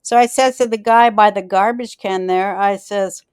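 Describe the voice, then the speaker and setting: A woman's voice: medium pitch, fairly quick, a little mellow, clear, resonant tone, no room sound, clean studio sound. A woman hosting a podcast, telling stories in a blunt, profane, rambling way and losing her thread. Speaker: podcast host. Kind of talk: casual rambling storytelling chat.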